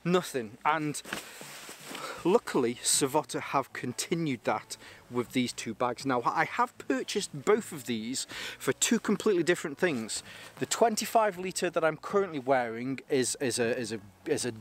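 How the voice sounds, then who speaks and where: A man's voice: mid-range voice, lively intonation, moderate pace. A man casually reviewing gear on his channel, rambling and enthusiastic, joking and restarting sentences often.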